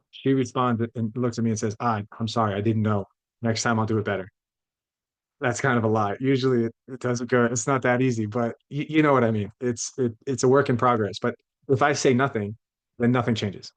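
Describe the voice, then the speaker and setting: Fast-talking male professor lecturing. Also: mid-range voice, no echo. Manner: conversational, reflective, self-correcting. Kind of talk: classroom lecture. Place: classroom.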